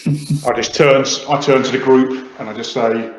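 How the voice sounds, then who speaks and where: A man's voice: mid-range voice, steady tone, normal speed. A man playing a tabletop role-playing game, narrating what his own character does. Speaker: player. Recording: roomy.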